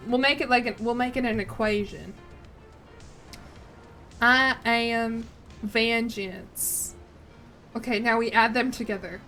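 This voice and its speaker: A woman's voice: fairly high pitch, quick pace, few pauses, a bit bright, soft background music. A woman game streamer chatting casually and rambling a little, reading chat and poking fun at herself as she plays. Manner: chatty, rambling, self-deprecating, reads out chat.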